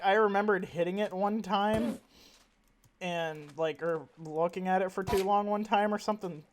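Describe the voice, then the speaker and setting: Casual gamer commentary, rambling and chatty, mid pitch, noisy recording. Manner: rambling, chatty, talks to in-game animals. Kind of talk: casual let's-play commentary. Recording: audible background noise.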